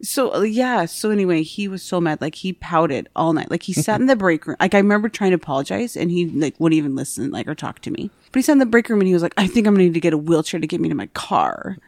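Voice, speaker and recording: A young woman working as an airport gate agent, telling stories in casual chat, animated and full of "like", acting out what people said. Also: fairly low pitch, fast talker, few pauses, dry recording. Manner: animated, fillers of "like", acts out quotes.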